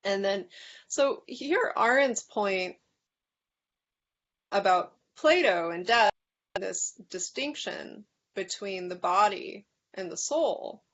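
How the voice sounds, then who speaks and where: A woman leading a reading group discussion, thinking aloud with many pauses and restarts, sometimes reading passages aloud. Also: medium pitch, fairly bright tone, dull audio. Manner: thoughtful, hesitant with many ums and restarts.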